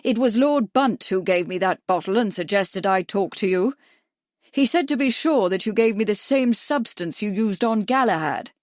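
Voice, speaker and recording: A woman voicing a polite, slightly awkward gentleman who speaks loudly and distinctly, as if to a deaf man. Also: mid-range voice, expressive, moderate pace, dry recording, studio quality, lightly acted. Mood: earnest.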